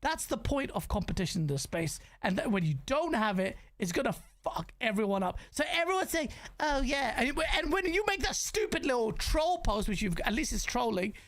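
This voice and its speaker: A man hosting a gaming podcast in casual chat, ranting in an animated way, swearing freely and stumbling over restarts. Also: extremely high pitch, a little fast, hardly any pauses.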